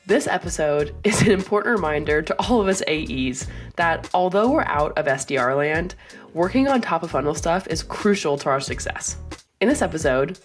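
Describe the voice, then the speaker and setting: A woman hosting a podcast, reading an upbeat intro and then chatting and asking questions. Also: low-pitched. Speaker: podcast host. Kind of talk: scripted intro then casual interview chat.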